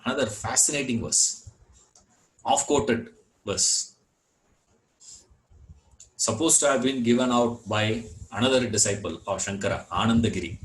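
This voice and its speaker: A man teaching a scripture class, unhurried, repeating words and filling gaps with "you know". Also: on the low side, rough recording. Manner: chants Sanskrit verse. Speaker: Vedanta teacher.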